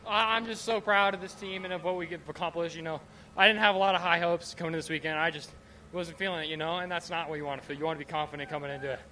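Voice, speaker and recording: Breathless young male driver, fast and bright. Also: fairly high pitch, steady tone, slight background noise. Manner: rushed, stumbling, repeating words. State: emotional, short of breath. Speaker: winning race driver. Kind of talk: post-race interview. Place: trackside outdoors.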